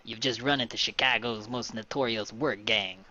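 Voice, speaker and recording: Bullying gangster, slow and drawn-out, as a man puts him on; dull lo-fi audio. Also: on the low side, fairly even intonation, pushed and bright. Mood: menacing. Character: gruff male Chicago gangster, bullying.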